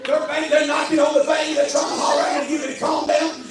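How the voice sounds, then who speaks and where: A man preaching a sermon as pastor, moving between loud shouted exhortation and quiet tender storytelling. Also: very high-pitched, level tone, fast talker, hardly any pauses, crowd noise. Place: church hall. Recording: echoey hall with music, from far off.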